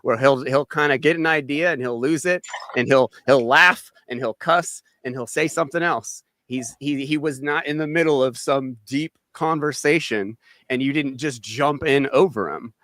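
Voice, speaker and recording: Blunt, bright-voiced male host. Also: mid-range voice, moderate pace, dry recording. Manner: blunt, stammering restarts, swears. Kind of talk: casual panel chat.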